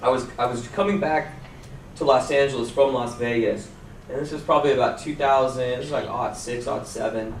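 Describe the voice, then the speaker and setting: A man, an actor on a convention panel, telling casual anecdotes with lively impressions of fans. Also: fairly quick, gravelly, a little hiss or hum. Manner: animated storyteller, mimics fans in high voice. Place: convention hall. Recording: roomy hall, distant mic, faint ambience.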